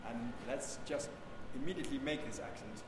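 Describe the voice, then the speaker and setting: A man teaching a group how to sing chant, explaining in a patient, unhurried way and breaking into short sung phrases. He is recorded in a large echoing hall with a long reverb, and noise is clearly heard behind him. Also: mid-range voice. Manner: explains slowly, sings examples of chant. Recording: echoey hall with background noise.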